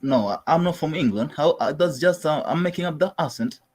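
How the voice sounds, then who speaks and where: Male streamer, husky and friendly, casual video-chat banter. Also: on the high side, animated, a little fast, a little mellow. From Kenya. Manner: friendly, upbeat questioning. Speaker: streamer chatting with strangers online.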